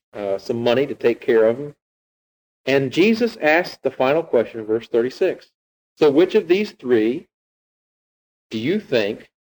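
A man's voice: fairly high pitch, darkish tone, low-quality recording. Man preaching a sermon. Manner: teaching, retelling scripture with rhetorical questions. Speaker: pastor.

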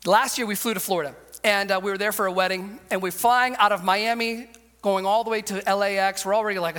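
A male pastor with a high, bright, forceful voice tells a comic story as he preaches. He acts out every quote with lively energy. A long reverb from a large hall trails his words. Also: fast. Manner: animated storyteller, acts out quotes, laughs often. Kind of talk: sermon with a humorous personal story.

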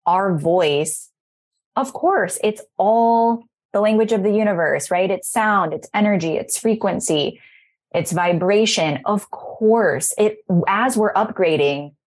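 A woman's voice: medium pitch, slow. A woman in her thirties hosting a podcast, talking in an effusive, rambling and emotional way about spiritual growth. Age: 30s. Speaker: podcast host. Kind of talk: casual spiritual chat.

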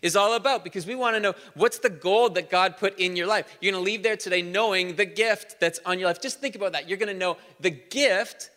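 Bright-voiced man preaching in a hall. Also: high-pitched. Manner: energetic, conversational preaching with humor. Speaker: pastor. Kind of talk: sermon. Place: church auditorium.

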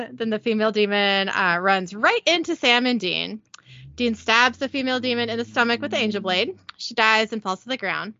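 A young woman hosting a podcast, casually recapping a TV episode from her notes, giggly and brisk. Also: a little high, pushed and bright, no room sound, muffled recording. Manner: giggly, reads scene descriptions briskly.

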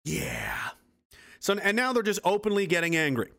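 A man's voice: sits high, big pitch swings, normal speed, bright, forceful tone. A man in his twenties hosting a livestream, delivering an angry, profane, sarcastic political rant. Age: 20s. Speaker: livestream host.

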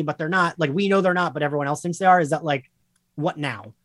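A man's voice: a little high, quick pace, fairly bright tone, dry recording, clean studio sound. A man co-hosting a podcast, chatting about a film in a hesitant way, often quoting his own thoughts. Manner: hesitant, many fillers and quoted inner thoughts. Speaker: podcast co-host. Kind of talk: casual film discussion.

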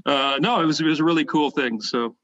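A Canadian man, a former basketball player, tells his stories in a bright, tense voice that sits a little high for a man, and he animates the people in them. His sound is somewhat muffled, like lo-fi podcast audio. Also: fairly quick, a little hiss or hum. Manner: animated storyteller, acts out quoted voices, frequent fillers. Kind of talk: casual storytelling interview.

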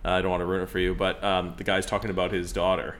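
A man's voice: low voice, little pitch movement, rapid-fire, a bit bright. A man chatting casually about movies, rambling and joking, often trailing off while he searches for words.

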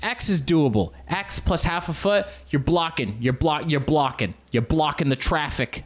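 A man telling casual, rambling stories on his own show, often jumping into loud comic impressions. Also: fairly high pitch, expressive, measured pace. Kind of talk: casual solo storytelling.

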